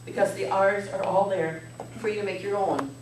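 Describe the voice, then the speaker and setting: A woman's voice: medium pitch, fairly even intonation, moderate pace, a little mellow. A middle-aged woman giving a humorous speech to an audience, playful and leading the room in jokes and laughter. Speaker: contest speaker. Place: meeting hall with audience. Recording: echoey hall from far off, faint noise.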